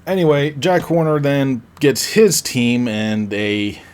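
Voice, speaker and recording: A man's voice: medium pitch, expressive, takes it slowly, darkish tone, clean tone. A man hosting a podcast, casually recapping a movie in a rambling way, with fillers and self-corrections. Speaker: podcast host.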